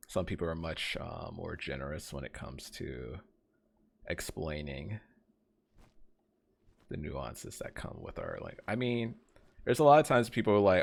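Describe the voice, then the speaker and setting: A man's voice: deep voice, animated, moderate pace, vocal fry. A man streaming a game, chatting casually with his viewers. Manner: chatty, trails off quietly, then greets chat brightly.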